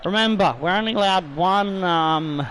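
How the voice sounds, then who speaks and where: A man's voice: high-pitched, moderate pace, fairly bright tone, a little hiss or hum, low-quality recording. A man hosting a football video game let's-play in a chatty, rambling way, a bit tipsy with slightly slurred words and casual swearing. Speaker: gaming YouTuber host.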